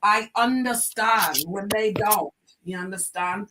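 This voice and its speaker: A woman's voice: medium pitch, slow pace, background noise. A woman hosting a casual livestream chat, telling stories dramatically, laughing often and drawling pet names like darling and honey. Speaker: livestream host.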